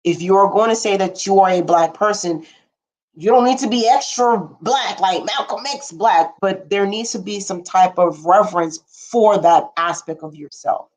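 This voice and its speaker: A woman's voice: mid-range voice, normal speed, darkish tone. A young woman hosting a casual livestream, rambling frankly with blunt asides and casual swearing, and answering viewer comments as she talks. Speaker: livestream host.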